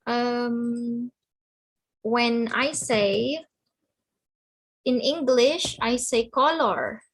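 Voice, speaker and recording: Woman teacher on a video call, patient, repeats herself, slow delivery, slightly high voice. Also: fairly even intonation, low-quality recording. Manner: patient, repeats and checks understanding. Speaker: online English teacher. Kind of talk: slow explanatory teaching to children.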